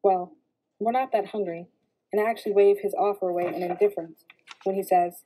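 A woman reading a novel aloud in steady first-person narration. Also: mid-range voice, a little fast, poor audio. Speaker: reader.

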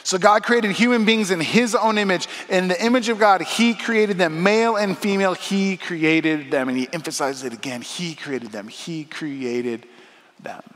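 A man preaching a sermon as pastor, talking to the congregation in a conversational way that swings from soft asides to loud, emphatic lines. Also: high-pitched, normal speed, big-room sound. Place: church auditorium.

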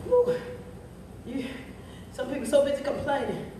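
A woman's voice: high voice, normal speed, slight background noise. A woman pastor, preaching a sermon in a rhythmic, half-chanted cadence and punctuating nearly every phrase with "huh?". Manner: chanting, half-sung cadence when climaxing. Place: church. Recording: echoey sanctuary, voice from a distance.

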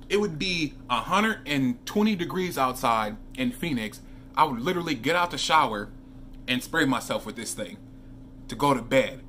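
In this vlog, a man reviews fragrances at normal speed, his voice mid-range. He's chatty and tells stories with animation, dropping asides to viewers. Slight background noise is present.

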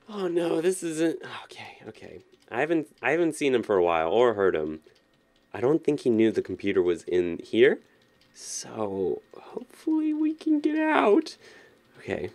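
High, wildly animated gamer guy. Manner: excitable, yelling and pleading, then quiet muttering. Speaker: gaming video host. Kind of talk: excited gameplay commentary.

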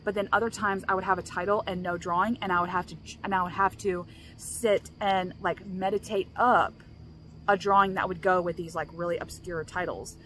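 A woman's voice: lowish voice, fairly even intonation, brisk, fairly bright tone, slight background noise. Earnest rambling woman vlogger. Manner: rambling and earnest, restarts often, laughs between thoughts. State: emotional, choked up. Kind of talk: casual vlog talk.

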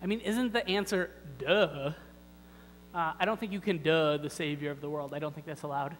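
A man's voice: a little high, level tone, quick pace, a bit bright, big-room sound, soft background music, poor audio. A man preaching a sermon in a church, talking in a conversational, wry way with many rhetorical questions. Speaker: pastor. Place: church sanctuary.

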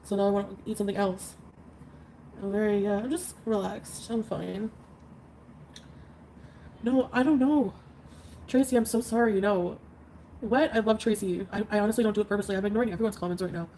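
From her bedroom, a woman chats casually on a livestream, congested and drowsy from flu medicine, rambling with plenty of fillers and small laughs. She talks fast at a medium pitch with a dark tone, and the poor audio carries a little hiss or hum.

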